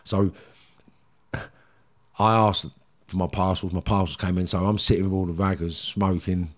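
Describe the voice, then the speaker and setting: Middle-aged London Cockney man, very low voice, candid podcast guest, rambling storyteller. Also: steady tone, moderate pace. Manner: streetwise, rambling, frequent "do you know what I mean".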